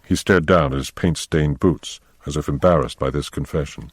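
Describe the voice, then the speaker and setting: Deep-voiced male audiobook narrator. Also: normal speed, breathy edge, no echo, studio quality.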